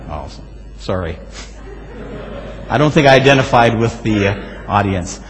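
A male pastor preaching a sermon, telling stories with lively swings and sudden loud exclamations. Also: mid-range voice, moderate pace, pauses often, a little hiss or hum. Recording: hall reverb.

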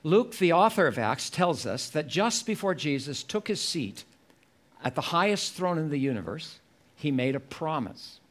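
A man preaching a sermon at a church service, slow and emphatic, repeating key phrases for effect. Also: a little high, big pitch swings.

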